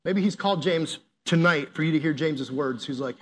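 Speaking briskly with hardly any pauses, a youth pastor whose voice runs on the high side preaches a casual sermon. His storytelling is animated and jokey, broken up with laughs.

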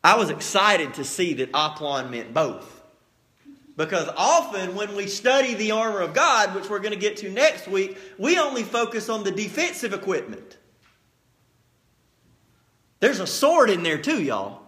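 A preacher with an unusually high, bright voice delivers a sermon. His pitch swoops up and down as he acts out the stories, and he keeps it folksy and animated. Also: unhurried. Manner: animated storytelling, acts out scenes.

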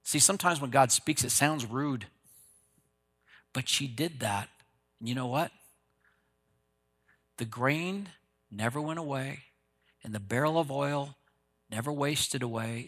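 Brief: an emphatic male preacher, bright and forceful tone, with a gravelly edge. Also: medium pitch, unhurried, pauses often. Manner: animated storytelling, emphatic. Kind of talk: sermon. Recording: long hall reverb.

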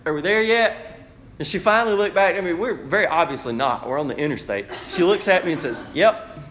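A male pastor delivering a sermon in a church, with a notably high-pitched voice. He talks straight to the congregation, lively and playful, jumping up into raised voices to act out questions. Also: fast talker, a little hiss or hum. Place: church sanctuary.

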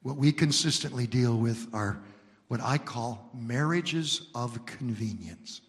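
A male pastor preaching an emphatic sermon built on repeated lines, moving from shouts down to hushed words. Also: mid-range voice, slow, big-room sound.

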